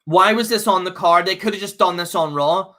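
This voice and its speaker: A man's voice: sits high, fairly quick, sharp tone. A man hosting a casual live review, rambling and exasperated, with many fillers and restarts. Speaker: host reviewing a wrestling show.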